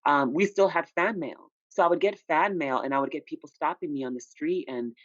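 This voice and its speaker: A man's voice: fairly high pitch, fairly quick, fairly bright tone. A man who makes records talks openly about his career, telling stories with lots of "you know" asides. The sound is dull and lo-fi, dry with no room echo. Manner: candid storytelling with frequent "you know" asides. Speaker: independent recording artist, guest. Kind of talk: casual interview chat.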